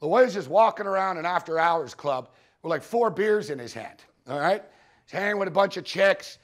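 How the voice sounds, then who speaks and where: A man with a high-pitched voice presenting at a conference, spinning loose, profane stories about betting and hammering points home with repetition. He talks in a casual, animated way to a live room. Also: moderate pace. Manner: profane, storytelling, punchy repetitions. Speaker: sports betting show host giving a conference talk.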